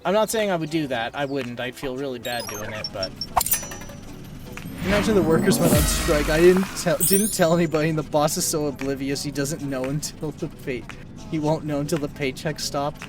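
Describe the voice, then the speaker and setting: A man's voice: on the high side, moderate pace, recorded from a distance. A man streaming live, telling a rambling, exasperated story in casual chat and swearing now and then. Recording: voice off-mic with loud music. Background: loud music.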